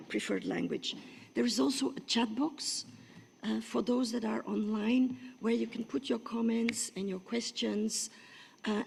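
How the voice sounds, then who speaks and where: Hoarse woman moderating in a reverberant hall. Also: a little high, darkish tone. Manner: hesitant, with frequent fillers. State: rough, hoarse voice. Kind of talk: opening remarks at a conference side event. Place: large conference room. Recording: long reverb of a large hall.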